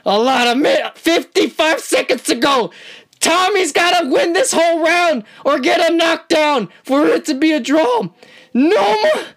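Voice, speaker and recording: A woman with a high-pitched voice gives casual, amateur live commentary on a boxing match. She is excitable and slangy, and talks right to the fighters as she reacts. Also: a little slow. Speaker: channel host, amateur commentator.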